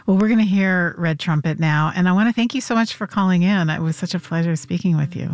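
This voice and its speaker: A woman hosting a radio interview. She reacts often with short, warm interjections. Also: on the low side, quick pace, dry recording, studio quality. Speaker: radio host.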